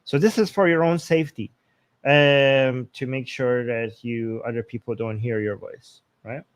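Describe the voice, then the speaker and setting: A man's voice: mid-range voice, steady tone, unhurried. A man from Iran co-hosting a casual live-stream discussion, talking in rambling bursts full of restarts and fillers. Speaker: co-host.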